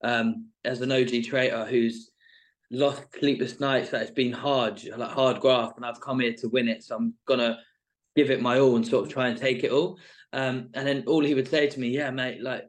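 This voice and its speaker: A man's voice: mid-range voice, fairly even intonation, normal speed. Rambling young man, casual chat. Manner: rambling, full of "like" and "sort of". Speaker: reality show contestant guest.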